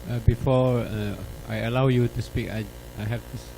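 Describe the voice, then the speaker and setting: A man's voice: medium pitch, fairly even intonation, moderate pace, gravelly, dark tone, a little hiss or hum, low-quality recording. A man with a Malaysian English accent moderating a panel, hesitant and full of fillers. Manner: hesitant, many fillers, good-humored.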